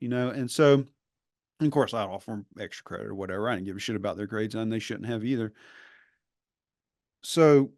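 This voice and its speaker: A man's voice: on the low side, brisk, long pauses, a little mellow, no echo. Earnest man with a dry close sound. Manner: earnest, emphatic, rambling with restarts. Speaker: podcast host; former professor. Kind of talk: reflective conversational interview.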